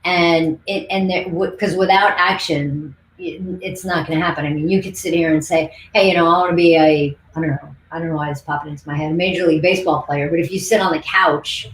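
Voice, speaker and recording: A woman coach co-hosting a casual livestream, telling lively stories on a video call. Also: deep voice, fairly quick, few pauses, roomy sound, slight background noise, poor audio. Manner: lively anecdotal storyteller. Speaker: coach and co-host.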